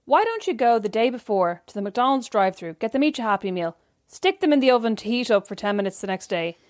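A woman in her thirties co-hosting a podcast, teasing her co-host with quick comebacks in casual chat. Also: a little high, sing-song, dry recording, studio quality.

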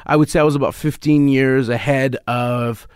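A man's voice: medium pitch, fairly even intonation, normal speed, darkish tone, clean tone, dry recording. Canadian man, dry, hesitant talk. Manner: thoughtful, hesitant with many restarts. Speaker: guest comedian and writer. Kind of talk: casual interview conversation.

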